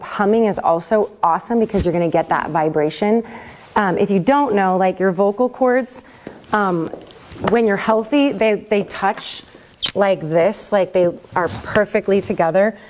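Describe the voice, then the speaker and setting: A woman's voice: mid-range voice, normal speed, darkish tone, slight background noise. A woman, a worship pastor, teaching a vocal class in a casual, chatty, upbeat way, with many fillers. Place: class room with a group.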